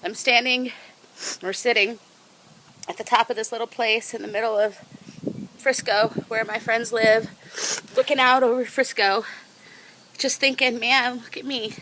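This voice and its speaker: Bright-voiced woman, heartfelt and rambling. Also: a little high, steady tone, a little slow, pauses often, slight background noise, poor audio. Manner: heartfelt, rambling, self-correcting. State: tired after a half marathon. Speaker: vlogger. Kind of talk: emotional personal vlog. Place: outdoors on a lookout spot.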